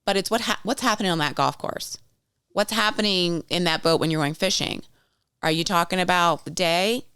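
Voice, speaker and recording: This podcast co-host, a woman in her thirties, keeps things casual and tells stories using quoted voices. She speaks at normal speed with a fairly low, fairly bright, clear, resonant voice, captured in clean, dry studio sound.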